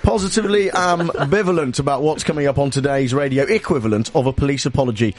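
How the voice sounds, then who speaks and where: A man's voice: medium pitch, quick pace, soft background music. A man hosting an afternoon talk radio show, rambling through sardonic banter. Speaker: radio host. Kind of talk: comic radio show opening.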